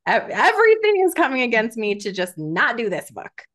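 A woman's voice: a little high, wildly swooping pitch, a bit bright. Earnest woman teaching faith steps. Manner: earnest, emphatic, says "right?" often; reads scripture slowly and with stress. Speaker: podcast guest, Christian coach. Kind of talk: teaching podcast talk.

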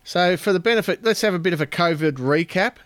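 A man's voice: sits high, quick pace, fairly bright tone, dry recording. An Australian man co-hosting a casual live chat, reading out viewer comments with dry, sweary banter. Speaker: co-host.

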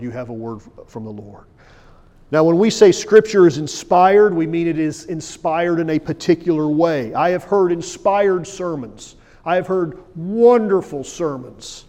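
A male pastor preaching a sermon, with emphatic delivery that swings from loud declarations to hushed asides. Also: on the high side. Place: church sanctuary. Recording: long church hall reverb.

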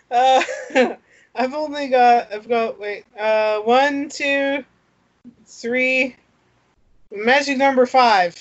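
A woman's voice: high-pitched, extremely slow, long pauses. A woman co-hosting a casual chat, laughing often and restarting her sentences. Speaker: podcast co-host. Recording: dull lo-fi sound.

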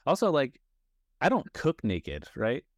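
A man's voice: mid-range voice, huge pitch swings, a little slow, no room sound, clean studio sound. A man co-hosting a podcast, chatting casually and rambling, swearing freely. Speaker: podcast co-host. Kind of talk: casual chat.

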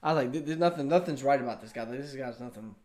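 A young man with a Southern US accent, a college student telling a story in casual chat, animated and acting out the dialogue. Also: mid-range voice, very fast. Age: young adult.

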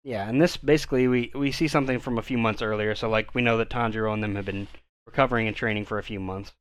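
A man's voice: on the low side, fast talker, clear, resonant tone. A man co-hosting a casual anime podcast, retelling the plot in a laid-back way. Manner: laid-back, relaxed retelling of plot with fillers and mild swearing. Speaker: podcast co-host. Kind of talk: casual anime recap chat.

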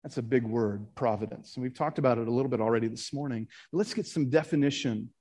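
A man's voice: medium pitch, fast, a little mellow. A man preaching a sermon in an earnest way, reading scripture and creeds aloud with rising emphasis and sometimes stumbling over his words. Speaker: pastor.

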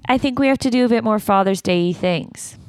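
A woman's voice: a little high, fairly quick, smooth, no room sound, clean studio sound. A young woman co-hosting a casual chat with her father, playful and teasing. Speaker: podcast co-host, daughter.

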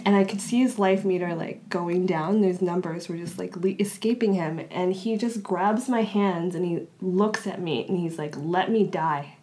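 A woman's voice: lowish voice, moderate pace, few pauses, mellow. Chatty woman telling a personal story. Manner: chatty, frequent "like" fillers and restarts. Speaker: interview guest. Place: Los Angeles area.

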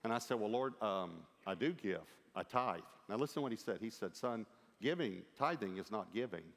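A middle-aged man preaching a sermon, telling a lively story with quoted dialogue and humor. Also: on the low side, a little fast. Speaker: pastor. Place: large church auditorium. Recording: long hall reverb.

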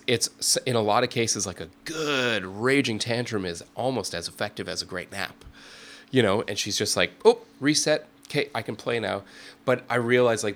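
Man, 30s, musician guest, casual interview, reflective, rambling, fillers, lowish voice. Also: a bit bright.

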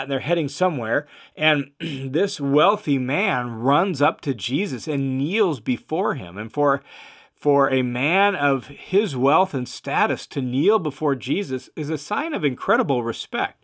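A man's voice: mid-range voice, a bit bright. A man teaching through a Bible passage verse by verse, in an earnest and emphatic explaining manner.

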